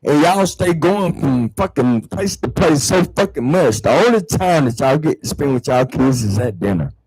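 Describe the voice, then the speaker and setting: A man hosting his own show, ranting heatedly to viewers about religion and spirituality, swearing a lot and repeating words, swinging from low mutters to loud outbursts. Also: expressive, normal speed, breathy edge, no room sound, low-quality recording. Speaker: online show host. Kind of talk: profane spiritual rant to viewers.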